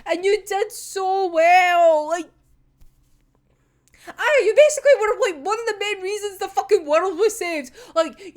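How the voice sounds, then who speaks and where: A young woman with a high voice gives an excited, casual reaction to a manga chapter. She swears freely and breaks into laughter often.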